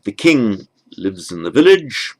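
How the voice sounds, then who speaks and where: A man's voice: on the low side, sing-song, a little slow, darkish tone. A man giving a patient step-by-step language lesson, spelling out terms carefully with frequent ums and small restarts. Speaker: Sanskrit teacher.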